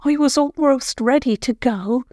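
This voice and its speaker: A frightened, plain-spoken young girl from a children's storybook, as a woman reader puts her on. Her voice lifts high and runs slow and even. The sound is dry and close. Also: dry recording. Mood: uneasy.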